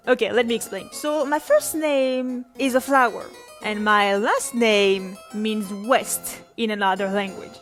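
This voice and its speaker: A woman's voice: on the high side, fairly even intonation, measured pace, few pauses, faint music behind. A young woman from France with a French accent, hosting a casual question-and-answer vlog in a playful, self-mocking way. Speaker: YouTube channel host.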